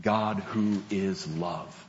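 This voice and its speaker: A male pastor preaching a sermon, slow and deliberate, repeating key phrases for emphasis. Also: sits low, steady tone, a little hiss or hum. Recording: dull lo-fi sound with long hall reverb.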